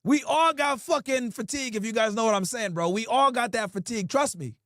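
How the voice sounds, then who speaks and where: A man's voice: extremely high pitch, brisk, a bit bright, dry recording, studio quality. A man hosting a livestream, chatting casually with his audience and reading their comments aloud in a blunt, profane way. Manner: blunt, profane, talks straight to chat. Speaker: livestream host.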